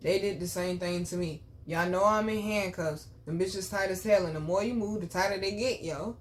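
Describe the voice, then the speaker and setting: A woman's voice: lowish voice, moderate pace, a little hiss or hum. A young woman hosting her own channel, telling a personal story to camera in a blunt, profane way and speaking straight to her viewers. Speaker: channel host.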